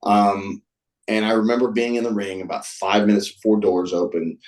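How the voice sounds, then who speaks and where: A man's voice: on the low side, flat delivery, normal speed, a little mellow, rough recording. A man guest-hosting a podcast, casually telling stories and acting out what people said. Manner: recounts stories, acting out quoted dialogue. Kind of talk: casual storytelling.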